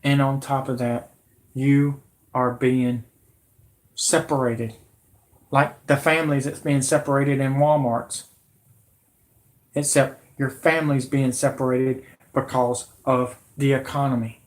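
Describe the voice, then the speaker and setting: A man's voice: medium pitch, flat delivery, unhurried, pauses often. A man in his late thirties hosting his own channel, delivering a heated, repetitive, confrontational political rant. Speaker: channel host.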